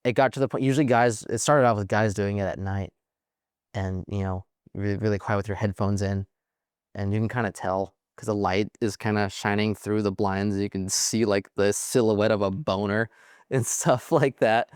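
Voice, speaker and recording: A young man in his twenties, a Marine veteran guest, telling profane, animated stories in casual chat with frequent laughs. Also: lowish voice, normal speed, clean tone, no room sound, studio quality. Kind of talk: casual storytelling.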